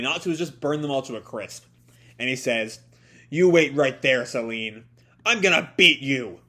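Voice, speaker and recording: A man's voice: medium pitch, fairly bright tone. A young man with a stuffy nose walks through a manga chapter in a live reaction. He sounds tired, and he rambles along with frequent ums and self-corrections.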